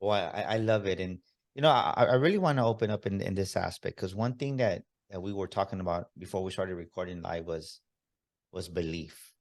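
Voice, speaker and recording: A man's voice: sits low, brisk. A man hosting an interview podcast, enthusiastic and motivational, slipping in bits of Spanish. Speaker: podcast host.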